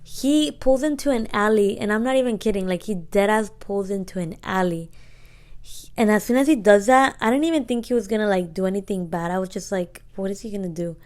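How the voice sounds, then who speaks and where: A woman's voice: medium pitch, a little fast, darkish tone. A woman in her twenties telling a story in casual, slangy talk, re-enacting dialogue as she goes. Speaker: podcast co-host.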